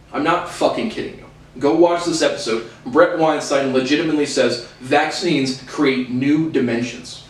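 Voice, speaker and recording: A man's voice: on the high side, a little slow. Profane ranting man, roomy and distant. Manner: profane, angry and insulting; repeats and restarts phrases. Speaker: video host. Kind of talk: ranting monologue to camera. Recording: roomy sound from a distant mic.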